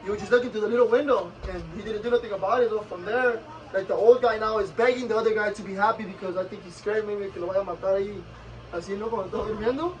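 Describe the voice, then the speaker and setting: Brief: high, quick male vlogger, mixes English and Spanish, slightly distant mic. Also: lo-fi sound. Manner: code-switching between English and Spanish, lively retelling with acted quotes. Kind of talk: casual storytelling chat.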